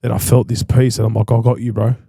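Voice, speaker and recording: A man's voice: medium pitch, level tone, fast talker, creaky, dark tone, husky, no echo. An Australian man hosting a podcast, talking in an emphatic, slangy way and repeating himself for stress. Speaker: podcast host. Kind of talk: casual chat.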